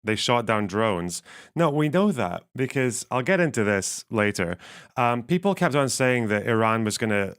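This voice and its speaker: Man, strained voice missing its low end, smooth clean tone, casual live-stream commentary, profane, laughing. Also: big pitch swings, normal speed, fairly bright tone. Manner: swearing, laughing, thinking aloud. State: voice strained, lower range missing. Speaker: streamer reading chat.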